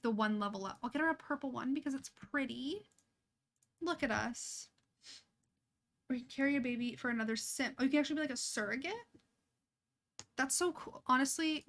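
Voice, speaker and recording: Young woman, somewhat high voice, chatty streamer, giggles a lot. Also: fairly bright tone. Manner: chatty, giggly, talks to her game characters. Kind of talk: casual gameplay commentary.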